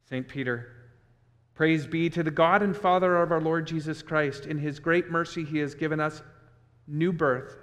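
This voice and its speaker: Fervent pastor in a reverberant hall. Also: male voice, fairly high pitch. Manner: swells from soft storytelling to fervent emphasis. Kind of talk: sermon.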